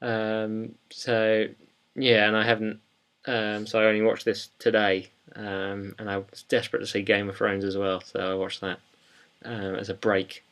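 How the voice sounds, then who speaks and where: A man's voice: fairly low pitch, completely flat delivery, unhurried, a bit bright. A young man co-hosting a wrestling podcast in casual chat, rambling and hesitant, with many ums. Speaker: podcast co-host.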